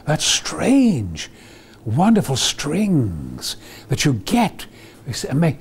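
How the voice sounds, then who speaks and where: A man's voice: fairly high pitch, huge pitch swings, drawn-out words, creaky, slightly rough. An older man, being interviewed as an actor, reminisces in an enthusiastic, rambling way with many fillers and restarts.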